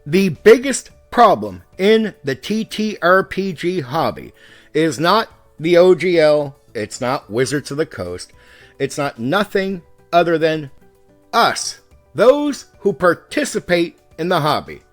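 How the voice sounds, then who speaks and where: A man with a fairly high voice rants hard at the camera, swearing freely as a longtime game master. He swings between raised and calm speech to drive his points home. Soft music plays faintly underneath. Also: slow pace. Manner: heated and profane, pushing his points hard. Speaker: YouTube host and game master. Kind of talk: ranting commentary to the camera.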